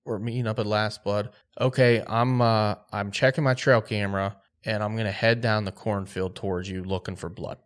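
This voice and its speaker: A man telling a hunting story on a podcast, animated and acting out quotes. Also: on the low side, moderate pace, hardly any pauses. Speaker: podcast host.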